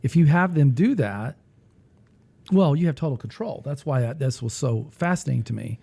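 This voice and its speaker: A man hosting a casual talk who rambles and thinks aloud while he clicks through music software. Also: medium pitch, lively intonation, normal speed, vocal fry, breathy edge. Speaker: music teacher and podcast host.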